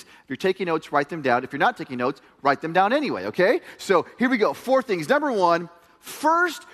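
A middle-aged man preaching a sermon as pastor, telling stories in an animated way that swings from hushed to loud. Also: fairly high pitch. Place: church hall. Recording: long hall reverb.

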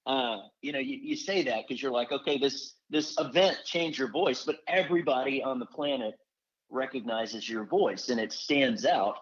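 A man with a husky voice hosts a relaxed podcast interview. He rambles and restarts his sentences often. The sound is somewhat muffled. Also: medium pitch, moderate pace. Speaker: podcast host. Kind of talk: casual interview chat. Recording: dull lo-fi sound.

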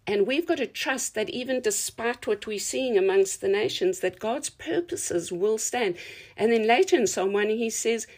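A woman's voice: on the high side, animated, moderate pace, a little mellow. A woman preaching a sermon in an earnest, reflective teaching tone.

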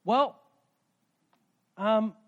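A man playing a calm middle-aged carpenter father explaining things to his son. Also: high-pitched, drawn-out words, highs cut off, full character voice. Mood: reminiscing.

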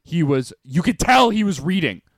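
A young man co-hosting a podcast, chatting casually, excitable, swearing a lot and laughing often. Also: fairly high pitch, normal speed, dry recording, studio quality. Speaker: podcast co-host. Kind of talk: casual chat.

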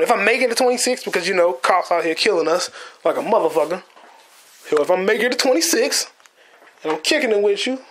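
Husky-voiced young American man rambling. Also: sits high. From United States. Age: 20s. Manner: profane, rambling, joking; stumbles over words. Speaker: podcast host. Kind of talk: casual solo monologue.

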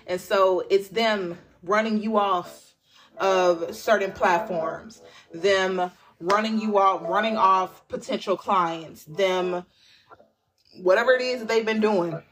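Woman tarot reader, mid-pitched, loose and chatty, swears freely and repeats herself for emphasis. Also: low-quality recording. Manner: chatty and profane, addresses listeners as "y'all" and "honey bunnies". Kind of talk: casual tarot reading monologue.

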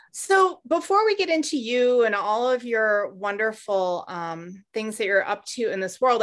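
Woman, podcast host, upbeat, eager questions, fairly high voice. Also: fairly bright tone. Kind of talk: casual podcast interview.

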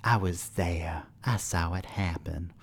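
A man's voice: sits low, slow pace, husky, heavily acted. A man voicing a brash, boastful older woman at a bar who talks bluntly and crudely, reading a story aloud. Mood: insistent.

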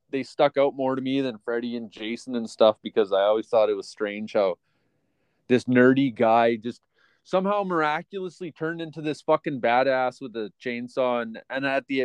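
A man co-hosting a podcast in casual chat, rambling with lots of fillers as he talks like an excited fan. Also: medium pitch, dry recording. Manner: rambling, filler-heavy, enthusiastic fan talk. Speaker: podcast co-host.

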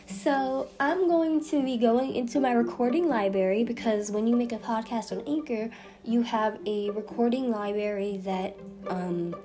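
Young female podcast host, higher pitched, bubbly, trips over words. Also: moderate pace. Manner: bubbly, giggly, stumbles and restarts. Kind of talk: casual blooper reel of podcast intros.

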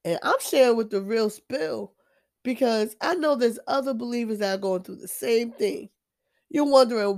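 This Christian vlogger's voice is on the high side with a darkish tone, and she speaks at normal speed. Giving her personal testimony, she is casual but preachy, stressing points, repeating herself, and frequently starting over.

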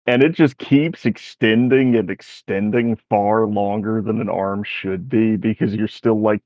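A man narrating as game master in a slow, descriptive storytelling manner. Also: lowish voice, no room sound. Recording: dry, dull sound.

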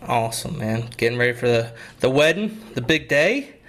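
A young man co-hosts a relaxed podcast. He rambles through stories, pokes fun at himself and laughs easily, with a pitch that moves up and down a lot. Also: normal speed. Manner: rambling, self-deprecating, laughs often. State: a bit out of breath. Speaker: podcast co-host and youth pastor. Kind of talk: casual podcast chat.

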